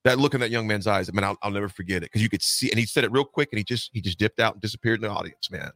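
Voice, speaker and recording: Fast-talking, bright-voiced radio man. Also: on the low side, no room sound. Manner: earnest, heartfelt plea to listeners. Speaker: radio show co-host. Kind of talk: morning radio talk.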